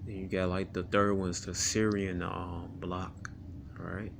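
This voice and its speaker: A man's voice: low voice, level tone, a little slow, gravelly, noisy background. A man reading Bible verses aloud and explaining them in a casual, rambling way, often tagging "man, all right?" onto his sentences. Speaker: scripture teacher. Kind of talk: casual scripture study talk.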